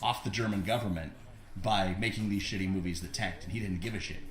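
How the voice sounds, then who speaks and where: Laid-back man with a low voice, roomy sound. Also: fairly even intonation, a bit bright. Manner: laid-back, laughs often, halting restarts. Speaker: podcast co-host. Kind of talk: casual chat. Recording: roomy echo.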